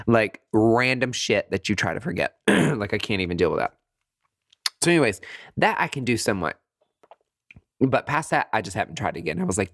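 Animated man acting out his racing thoughts. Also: moderate pace, no room sound, clean studio sound. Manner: animated, dramatic, jumps into high-pitched voices for his own thoughts; swears freely, says "girl" and "honey". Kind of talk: casual monologue.

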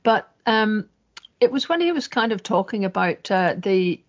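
A woman's voice: mid-range voice, very animated, measured pace. A woman hosting a casual political podcast, chatty and sardonic, quoting lines in mock voices. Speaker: podcast host. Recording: dull lo-fi audio.

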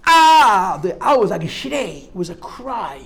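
A man's voice: sits high, very animated, moderate pace, creaky. An older man telling a live audience his memories in a vivid, demonstrative way, dropping in Yiddish and Hebrew terms. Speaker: speaker recounting memories to an audience. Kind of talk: storytelling talk to a live audience.

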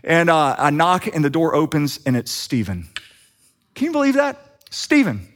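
A middle-aged man preaching, telling a personal story with lively acted-out dialogue. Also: on the high side, moderate pace. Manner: animated storyteller acting out quoted dialogue. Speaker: pastor. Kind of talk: sermon storytelling.

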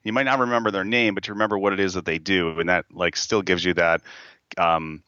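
A man's voice: sits low, steady tone, fairly quick, sharp tone, no room sound. A man guest on a podcast, telling stories in a loose casual way with fillers, heard over dull remote audio.

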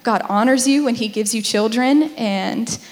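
A young woman tells her faith story with candid humor and lively storytelling, her voice a touch higher than most. Her words ring out with a long reverb, as though spoken in a large hall. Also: moderate pace. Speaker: wife sharing testimony. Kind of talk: personal testimony talk.

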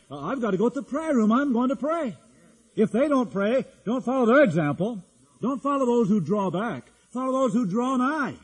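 A man's voice: high-pitched, darkish tone, slightly rough. A man preaching a sermon as a pastor, in earnest, with frequent restarts. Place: church hall. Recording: echoey hall.

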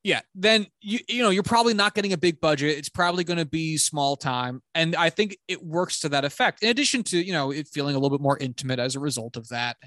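Man, casual podcast film chat, rambling and animated, slightly high voice, dry close mic. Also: quick pace, hardly any pauses, no room sound. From New Jersey.

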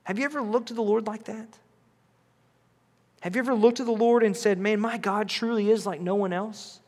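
A man's voice: high-pitched, a little fast, in a large hall. Earnest young man preaching to youth. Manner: earnest, conversational, builds to shouting. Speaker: youth pastor. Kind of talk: youth sermon. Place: church youth room.

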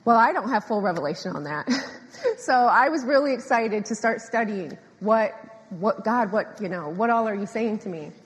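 A woman preaching a sermon, animated and emphatic, repeating phrases and often laughing. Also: mid-range voice, moderate pace, husky. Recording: echoey hall with long reverb.

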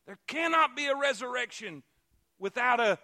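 High-voiced, fervent male preacher. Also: expressive, moderate pace. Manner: fervent, repetitive, rising to shouts. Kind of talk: sermon.

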